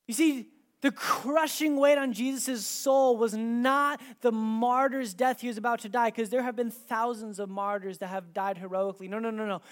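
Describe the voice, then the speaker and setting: A preacher delivers a sermon with scripture read aloud. The delivery is dramatic, building to loud, emphatic stretches and then dropping to a quiet hush. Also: medium pitch, fairly even intonation, normal speed.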